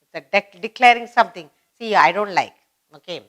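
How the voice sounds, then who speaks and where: A woman's voice: mid-range voice, lively intonation, fairly quick, a bit bright. A woman teaching a children's grammar lesson, repeating each example sentence and explaining it step by step. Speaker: English teacher.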